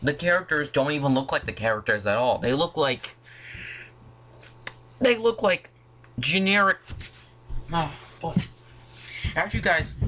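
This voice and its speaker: A man's voice: fairly high pitch, noisy background. A young man recording an angry movie rant at home, irritated and profane, with exclamations throughout. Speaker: video channel host. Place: at home, in front of a disc collection.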